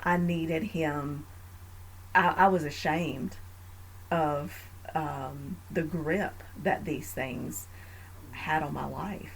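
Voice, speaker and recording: A woman hosting a faith podcast, talking in an earnest, reflective way with frequent fillers and growing animated in family stories. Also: sits low, very slow, slight background noise, low-quality recording. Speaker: podcast host.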